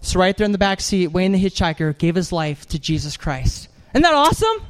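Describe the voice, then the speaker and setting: A man preaching an animated sermon in church, telling a story with jokes and acted-out voices. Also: high-pitched, brisk, smooth. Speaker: evangelist preacher.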